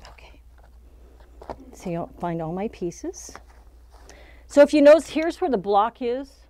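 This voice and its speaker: A woman's voice: on the high side, very animated, a little slow, warm tone. A middle-aged woman teaching a quilting pattern in a casual, chatty demonstration, talking through each step and laughing at her own slips in a shop studio. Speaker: quilting instructor.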